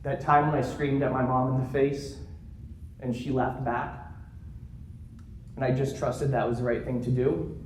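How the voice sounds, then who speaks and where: A man giving a keynote talk to a live audience, telling stories in an animated way and joking along the way. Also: mid-range voice, unhurried, pauses often, slight background noise. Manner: animated storytelling with jokes. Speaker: keynote speaker. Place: conference room. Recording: roomy conference room sound.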